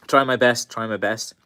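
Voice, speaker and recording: A man's voice: medium pitch, sharp tone. Tired, chatty Irish man. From Ireland. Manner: rambling, many fillers and restarts. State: tired, worn voice with coughs. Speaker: stick maker answering live chat. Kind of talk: casual live-stream chat.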